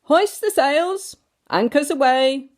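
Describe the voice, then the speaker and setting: Woman doing a pompous family man turned boat captain for a storybook reading: high, squeaky and lively, drawn-out and bossy. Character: fussy middle-aged male holidaymaker turned captain.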